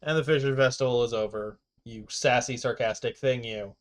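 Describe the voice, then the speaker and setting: A man's voice: medium pitch, steady tone, normal speed, a little hiss or hum. A young man streaming a game, chatting loosely to himself and his viewers, swearing casually and laughing at himself. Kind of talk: casual gameplay commentary.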